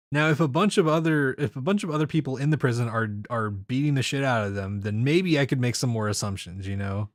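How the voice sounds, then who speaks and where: A man's voice: mid-range voice, animated, moderate pace, pauses often, dry recording. Game streamer guy chatting with chat, laughs a lot, voice bounces all over, dry sound. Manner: rambling, laughs often. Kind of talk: casual chat with live chat.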